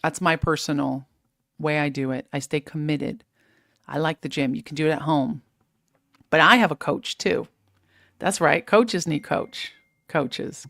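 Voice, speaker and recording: Woman, live-stream host, low voice, energetic, motivational preaching, dry close mic. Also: no room sound. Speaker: host of a live fitness show. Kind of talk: live-stream talk reading viewer comments.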